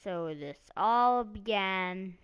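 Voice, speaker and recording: Slow, rambling woman streamer. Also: mid-range voice, animated, clear, resonant tone, muffled recording. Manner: rambling, meandering, heavy on "like" and "um". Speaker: wrestling stream host. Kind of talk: casual live-stream commentary.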